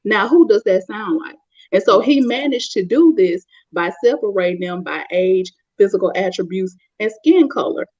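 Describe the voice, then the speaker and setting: A woman's voice: medium pitch, expressive, normal speed, a little mellow, dry recording. A woman with a Southern US accent, giving blunt, opinionated commentary on a panel. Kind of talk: casual commentary. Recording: dull, dry lo-fi audio.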